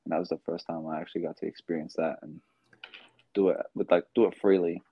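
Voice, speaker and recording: A man's voice: sits low, fairly even intonation, quick pace, husky, no echo, dull audio. A young man from Australia with an Australian accent, telling stories as a guest in a casual interview, full of fillers. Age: young adult. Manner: rambling, filler-heavy storytelling. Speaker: guest, basketball player.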